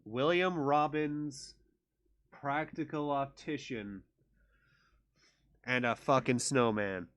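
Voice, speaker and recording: A man's voice: mid-range voice, slow, long pauses, a bit bright, no echo. Casual male game streamer. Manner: chatty, talks to chat. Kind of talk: casual gameplay commentary.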